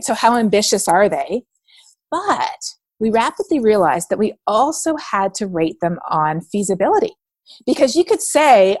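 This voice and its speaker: A woman's voice: mid-range voice, no echo. A woman from Canada in an interview, telling stories animatedly and acting out what others said. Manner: animated storytelling, acts out quoted voices. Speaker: interview guest. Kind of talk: casual interview talk.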